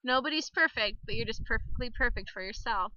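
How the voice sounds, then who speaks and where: A woman's voice: a little high, animated, brisk, sharp tone, dry recording, highs cut off. A young woman talking candidly to camera outdoors by the water, chatty, laughing often and cussing a little. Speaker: vlogger. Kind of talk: casual personal vlog to camera.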